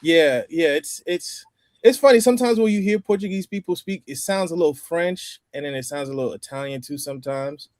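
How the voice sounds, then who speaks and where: A man chatting on a roundtable stream, his voice sitting a little higher than most men's. The sound is close and dry. He explains things at length in an easygoing way. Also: brisk, darkish tone, no echo. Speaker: roundtable participant. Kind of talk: casual group chat over a stream.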